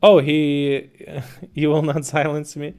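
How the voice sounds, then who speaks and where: Blunt, mocking male streamer, higher voice. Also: level tone, slow pace, darkish tone, clean tone. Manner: blunt, swearing, mocking, incredulous. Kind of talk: casual live-stream chat reading viewers' comments.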